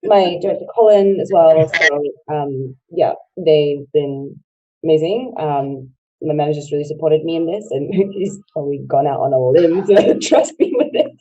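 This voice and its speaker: A woman's voice: low voice, normal speed, dark tone, highs cut off. A woman co-hosting a casual online chat show, chatty and laughing often. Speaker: co-host.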